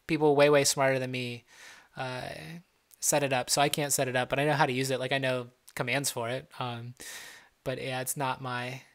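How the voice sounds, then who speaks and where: A man's voice: medium pitch, flat delivery, normal speed. Joking casual American man streaming. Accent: Midwestern American with a slight Southern twang. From Ohio, USA. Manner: joking, loose, playful teasing. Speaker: livestream host. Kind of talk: casual live-stream chat, answering viewer questions.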